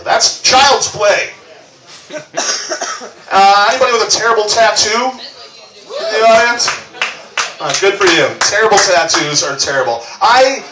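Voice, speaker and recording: A man's voice: high-pitched, sharp tone, recorded from a distance. A man doing a live stand-up set on a comedy club stage, crude and conversational, with wry asides. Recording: roomy club recording from afar.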